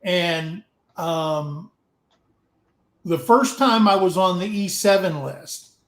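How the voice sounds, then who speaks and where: A man's voice: sits high, slow. Echoey middle-aged man telling army stories. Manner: storytelling, animated, acts out dialogue. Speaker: co-host, retired Army sergeant. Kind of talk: casual livestream chat.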